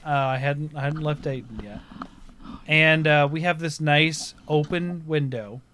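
A man in his thirties, chatting casually and telling a story with animated delivery, often laughing as he talks. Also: on the high side, a little slow. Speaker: podcast co-host, parent.

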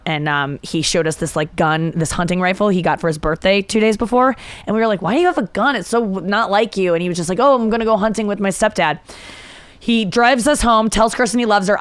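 Young woman, podcast guest, smooth clear voice, dry close sound, candid storytelling. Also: on the low side, no echo. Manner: candid storytelling, acting out quotes. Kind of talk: casual podcast chat. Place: indoor studio room.

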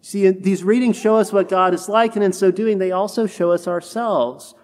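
Preacher, male, high-pitched, delivers a homily and acts out quoted complaints. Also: moderate pace, darkish tone. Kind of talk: sermon.

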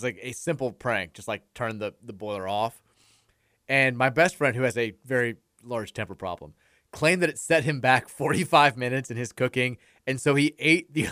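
A man's voice: medium pitch, no room sound, studio quality. A man co-hosting a sports radio show, chatting casually and acting out the friends in his stories. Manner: animated storyteller, acts out quoted friends loudly. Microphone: studio microphone.

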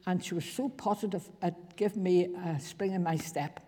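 A woman's voice: fairly low pitch, normal speed, mellow, breathy edge. An older Northern Irish woman giving a personal testimony at church, telling her story earnestly in plain everyday words. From Northern Ireland. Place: church fellowship hall. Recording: reverberant church hall recording.

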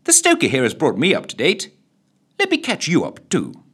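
Man putting on a plummy posh woman agent, high-pitched, brisk and bright, radio story reading. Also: wildly swooping pitch, husky, heavily acted. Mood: cordial. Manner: brisk and upbeat.

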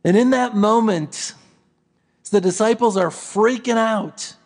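High-voiced man preaching slowly. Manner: storytelling, repetitive, builds then softens. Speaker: pastor. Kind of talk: Christmas Eve sermon.

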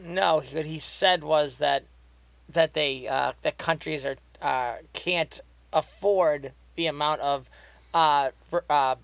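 A man's voice: a little high, slow, gravelly, a bit bright, dry recording. A man co-hosting a podcast, recapping a movie in casual chat with sarcastic, exasperated riffs. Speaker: podcast co-host.

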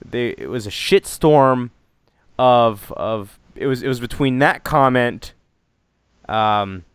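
Smooth-voiced man in casual political banter. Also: medium pitch, takes it slowly, no echo. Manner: rambling, sarcastic, laughs often. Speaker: podcast co-host.

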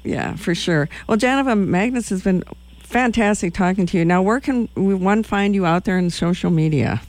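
A man with a high voice hosts a radio interview. He sounds enthusiastic about his guest and laughs easily. His voice has a gravelly edge. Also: normal speed, dry recording. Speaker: radio host.

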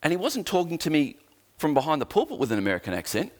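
A man's voice: on the high side, huge pitch swings, quick pace, a little mellow. A man with an Australian accent, preaching a sermon as a pastor in an earnest, conversational way with joking asides.

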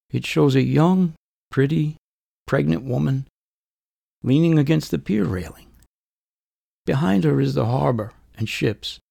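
Man, fifties, first-person storyteller, earnest, gravelly, measured pauses. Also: a little high, dark tone, no echo, clean studio sound. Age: 50s.

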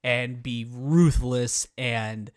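A man's voice: medium pitch, steady tone, drawn-out words, no echo, clean studio sound. A man co-hosting a podcast in casual chat, talking eagerly with restarts and frequent laughs. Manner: chatty, repeats and restarts, laughs often. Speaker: podcast co-host.

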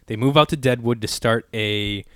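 A man's voice: medium pitch, normal speed, smooth, dry recording, studio quality. A man co-hosting a podcast in casual chat, rambling and swearing, with "like" in nearly every line. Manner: rambling, swears a lot, says "like" constantly. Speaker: podcast co-host.

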